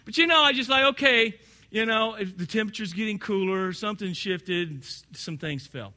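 A man's voice: sits high, normal speed, pushed and bright. A man preaching a sermon in a conversational, storytelling way that builds to emphatic peaks. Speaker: pastor.

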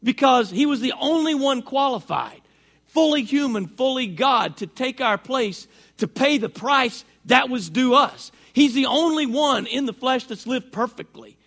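A man's voice: very high-pitched, animated, a little slow, a bit bright. A middle-aged male pastor preaching a sermon in a folksy, chatty way, his voice strained by allergies and talking back and forth with the congregation.

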